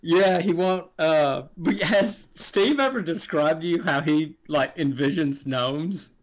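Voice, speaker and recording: A middle-aged man, a game designer guest, chatting casually on a podcast, rambling through stories with chuckles and restarted sentences. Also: fairly high pitch.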